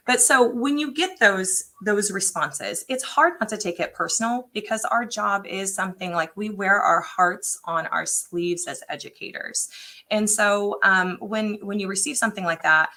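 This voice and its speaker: A woman in her forties, a tech integration specialist, telling an animated story in a casual panel chat and acting out the quotes. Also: medium pitch, moderate pace.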